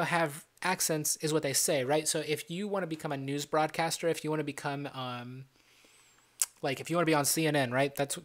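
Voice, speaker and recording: A young man from Ohio with a Midwestern accent and a light Southern twang, chatting loosely on a live stream. His voice sits a bit high for a man, and he jokes and teases as he answers questions. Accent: Midwestern American with a slight Southern twang. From Ohio, USA. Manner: joking, loose, playful teasing. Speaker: livestream host.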